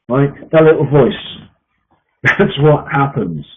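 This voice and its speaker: A man's voice: medium pitch, lively intonation, takes it slowly. A man coaching a group on sales mindset, emphatic and repetitive with frequent fillers. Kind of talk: coaching session talk. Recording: tinny phone-like line.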